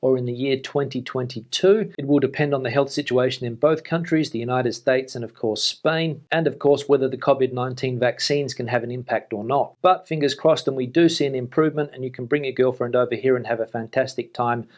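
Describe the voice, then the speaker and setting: A middle-aged man with a mild Australian accent sits at his computer and talks to the camera. His pitch sits in the ordinary middle range, and his delivery is relaxed and conversational as he answers viewers one by one. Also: brisk, hardly any pauses. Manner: relaxed, conversational, reads comments aloud then replies. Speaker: vlogger. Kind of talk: casual vlog reading and answering viewer comments. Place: home office at a computer. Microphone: camera-facing setup.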